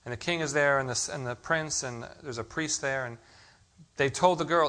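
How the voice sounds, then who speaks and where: A man's voice: medium pitch, normal speed, sharp tone. A man preaching a sermon, asking the congregation rhetorical questions and telling stories. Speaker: pastor.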